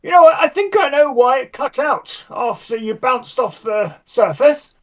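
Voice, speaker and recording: A woman's voice: high-pitched, expressive, a little slow, voice pushed up. A woman voicing a four-armed male alien mechanic who speaks in a conciliatory, eager tone in a tabletop game. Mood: placating. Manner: placatory, conciliatory.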